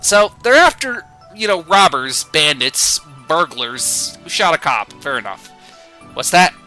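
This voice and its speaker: A man reads old comic books aloud on stream, cracking sarcastic, sweary jokes between panels. His voice is very bright and fairly high, with lively swings in pitch. Faint music plays underneath. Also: a little slow. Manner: sarcastic, joking, profane asides. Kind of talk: casual comic reading on stream.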